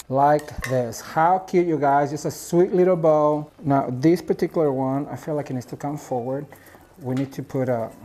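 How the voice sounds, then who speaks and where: A man's voice: fairly high pitch, dark tone. A man from Mexico hosting a home decor craft tutorial, chatty and gushing, calling his viewers "you guys" and "honey" as he works at his craft table at home.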